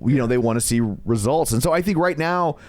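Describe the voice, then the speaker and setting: A man's voice: a little high, fast, no room sound. A man co-hosting a podcast in casual chat, making wry jokes and asides. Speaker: podcast co-host.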